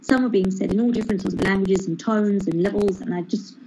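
A woman sharing her meditation experience in a reflective, searching way, often pausing and restarting. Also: mid-range voice, fairly even intonation. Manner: reflective and searching, many hesitations. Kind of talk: personal sharing about meditation practice. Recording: noisy recording with clicks.

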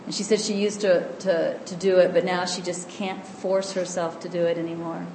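A woman giving a calm, gentle spiritual teaching, explaining and slowing down to stress key lines. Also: on the low side. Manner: calm, gentle and explanatory, often slows for emphasis. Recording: echoey room with faint background noise.

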